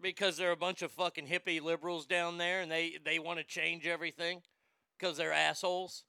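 Gravelly, bright-voiced male host ranting. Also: on the high side, flat delivery, a little fast, no echo, clean studio sound. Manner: profane, stammers on repeated words. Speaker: sports show host. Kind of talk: ranting monologue.

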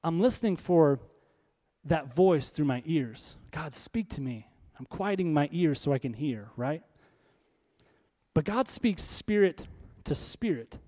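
Male pastor, slightly high-pitched voice, conversational emphatic sermon delivery. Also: animated, a little slow, warm tone. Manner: conversational, emphatic preaching with rhetorical questions.

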